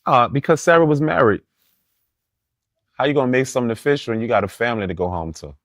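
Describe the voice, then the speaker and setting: A man telling a casual story in street slang as a podcast guest, laughing and animated, often asking if you follow him. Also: mid-range voice, fast talker, no echo, clean studio sound.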